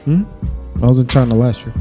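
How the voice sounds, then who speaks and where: A man with a mellow, dark-toned voice tosses off quick, teasing jokes on a podcast. Faint music plays behind him. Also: mid-range voice. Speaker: podcast co-host. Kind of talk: casual podcast banter.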